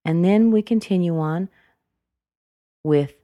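A woman teaching English intonation, repeating single words slowly to show how they rise and fall. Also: low-pitched, animated, mellow, dry recording, studio quality. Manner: slow and deliberate, repeating words to model intonation. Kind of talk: explaining intonation.

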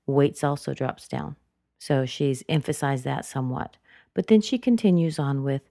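A woman teaching English intonation, repeating single words slowly to show how they rise and fall. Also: a bass voice, warm tone, dry recording, studio quality. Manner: slow and deliberate, repeating words to model intonation. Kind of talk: explaining intonation.

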